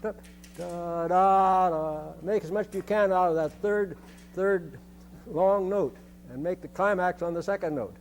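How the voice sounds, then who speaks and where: An older man leads a band rehearsal in a fairly high voice, demonstrating rhythms by singing them on short syllables. He often repeats himself as he instructs the players. A faint hum sits under the recording. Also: normal speed, darkish tone. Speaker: band conductor.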